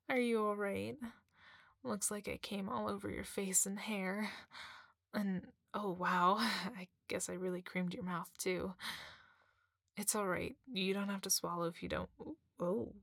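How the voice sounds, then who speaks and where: Breathy, husky woman in whispered role-play. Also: medium pitch, dry recording, studio quality. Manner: soft, teasing, slow and breathy, with frequent murmurs.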